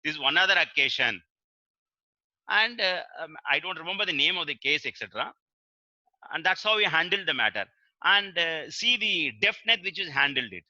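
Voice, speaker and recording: A man's voice: a little high, lively intonation, a little fast, pushed and bright, no echo. An older Indian man with an Indian English accent, telling courtroom stories in an earnest lecture, over a webinar mic. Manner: earnest storytelling, quotes courtroom exchanges, many filler uhs. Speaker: senior advocate giving a webinar talk. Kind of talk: reminiscing lecture. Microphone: webinar computer mic. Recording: dry muffled webinar audio.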